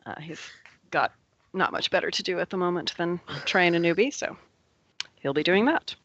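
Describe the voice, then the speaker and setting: Game master, rambling casual narration, crisp bright tone, muffled lo-fi recording. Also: medium pitch, normal speed, no echo. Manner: laughs often, loose rambling narration.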